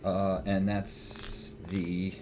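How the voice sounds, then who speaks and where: Man with a very deep voice. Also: completely flat delivery, extremely slow, noisy background. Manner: dry, wry, counts coin flips aloud. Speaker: player. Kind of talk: casual gameplay chat.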